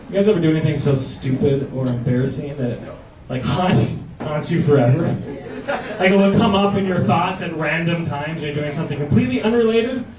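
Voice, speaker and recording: On a comedy club stage, a high-voiced man performs a stand-up set, telling animated stories with acted-out voices. The roomy live club sound is captured from a distance, with a noisy background and audience laughter.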